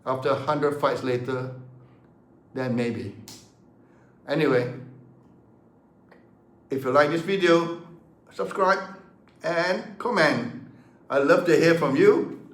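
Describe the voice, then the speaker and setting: A man's voice: fairly high pitch, slow, pauses often, reverberant. A man in his seventies, a martial arts teacher talking passionately to the camera, emphatic and fond of rhetorical questions. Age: 70s.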